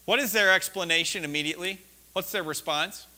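A man preaching a sermon, telling a personal story with laughter and sudden shouted lines. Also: high-pitched, expressive, moderate pace.

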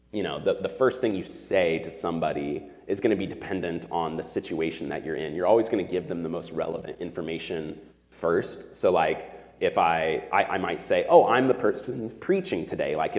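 A man's voice: low-pitched, darkish tone. A man in his thirties preaching a sermon as pastor, earnest and conversational, talking to his church on a Sunday morning. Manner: conversational, earnest, with fillers like "like" and "right?". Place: church sanctuary. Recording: long hall reverb.

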